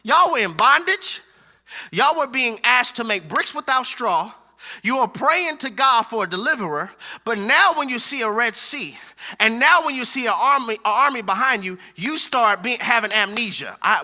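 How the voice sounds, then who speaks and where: High, bright, animated male preacher. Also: moderate pace. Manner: animated, humorous, slangy, laughing asides. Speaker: pastor. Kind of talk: sermon.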